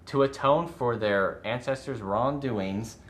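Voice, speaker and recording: A man's voice: mid-range voice, slow pace, a little hiss or hum. A man co-hosting a podcast in casual chat, rambling a bit as he reads out a show premise. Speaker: podcast co-host.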